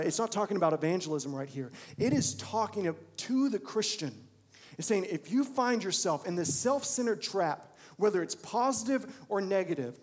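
A man preaching a sermon, swinging from loud pleading to a hushed near-whisper and acting out the voices he quotes. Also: sits high. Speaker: pastor.

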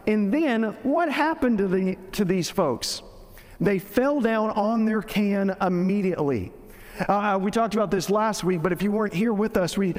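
A man's voice: sits high, a little mellow, long reverb tail. A man preaching a sermon in a casual, joking way, often restarting his sentences. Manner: conversational, joking, with frequent restarts. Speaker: pastor.

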